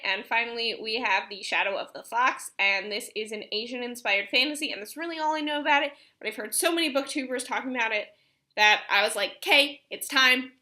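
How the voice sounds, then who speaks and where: A chatty young woman talks about her reading plans in a relaxed vlog. Her voice is bright and sits a bit high. She rambles, trails off and restarts her sentences. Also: fairly quick. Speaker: book vlogger. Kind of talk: casual chat.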